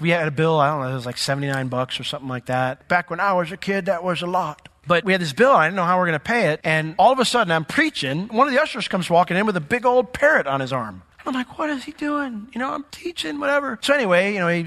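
A man preaching a sermon as pastor, in a conversational way with joking asides and sudden jumps in pitch. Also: bright, forceful tone. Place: church sanctuary. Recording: long hall reverb.

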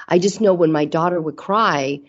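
A woman's voice: on the low side, normal speed, muffled recording. A middle-aged woman talking earnestly and reflectively about parenting in a casual conversation, the mother of grown children. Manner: earnest, reflective, acts out quoted mom voices. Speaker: guest.

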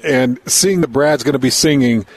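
A man's voice: mid-range voice, normal speed, low-quality recording. A man co-hosting a sports radio show, chatting casually in a skeptical, teasing way. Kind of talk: casual chat.

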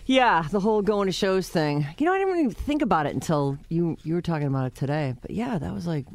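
Female radio co-host, middle-aged, playful chatter, animated pitch. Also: fast. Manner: chatty, playful, laughs easily. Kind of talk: casual on-air banter.

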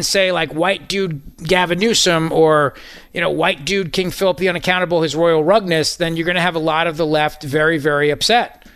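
A man's voice: a little high, a bit bright, clean tone, dry recording. A man hosting a talk radio show, mocking and incredulous in playful banter with his co-hosts.

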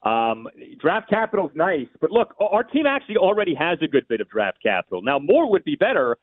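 A man giving measured, opinionated analysis on sports radio, thinking aloud with small restarts. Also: a little high, sing-song, no room sound. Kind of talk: call-in sports radio talk. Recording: tinny phone line.

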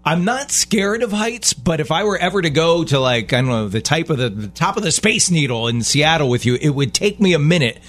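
A man co-hosting a radio talk show in casual chat, easygoing and quick to chuckle. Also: fairly high pitch, animated, fairly bright tone. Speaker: co-host.

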